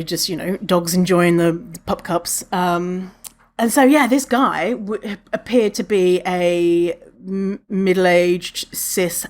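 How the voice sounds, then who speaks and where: A woman hosting a podcast, telling a story in a chatty, candid way and swearing freely. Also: on the low side. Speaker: podcast host. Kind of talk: casual storytelling monologue.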